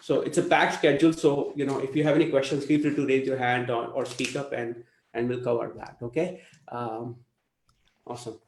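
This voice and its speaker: A man's voice: medium pitch, little pitch movement, brisk, roomy sound, poor audio. A man teaching a language class, explaining patiently and checking in with students often. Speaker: Hindi teacher.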